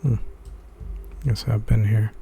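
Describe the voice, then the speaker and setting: A laid-back man doing casual gameplay commentary and chatting with viewers as he plays. His voice is husky and gravelly with a dark, mellow tone. He speaks at an unhurried, slow pace. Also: on the low side, steady tone. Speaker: gamer streaming a playthrough.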